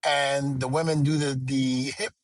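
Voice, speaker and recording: A middle-aged podcast co-host tells stories in a playful, casual way, acting out the dialogue. His mid-range voice moves little in pitch and he speaks unhurriedly, with no room sound.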